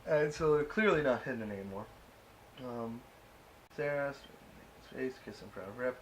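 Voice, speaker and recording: A man talks through a TV episode recap in an easygoing, amused way, filling gaps with uh and um. His voice sits in an ordinary middle pitch. A faint hiss runs under the recording. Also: lively intonation, normal speed. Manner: chatty, amused, peppered with uh and um. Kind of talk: casual recap and review.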